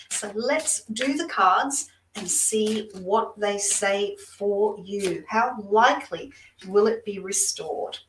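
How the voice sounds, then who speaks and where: A woman's voice: medium pitch, a little hiss or hum. Chatty Australian woman in a roomy room. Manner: chatty and effusive, addresses viewers directly. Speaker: psychic reader, guest. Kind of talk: live-streamed card readings and chat. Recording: roomy room, distant mic.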